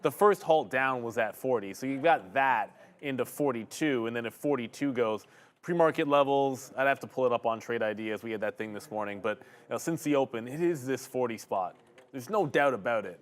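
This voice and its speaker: A man in mid-range pitch talks through his trading plan on a live stream. He walks through levels and orders in a relaxed, offhand way. He sometimes corrects himself and laughs at his own slips. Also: brisk. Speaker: stock trading stream co-host.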